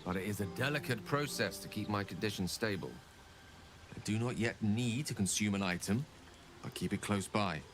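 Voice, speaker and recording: An actor playing a measured, formal male wizard with courteous, precise diction in a video game. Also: lowish voice, noisy background, close to an everyday voice. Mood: grave. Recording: game audio over soft music.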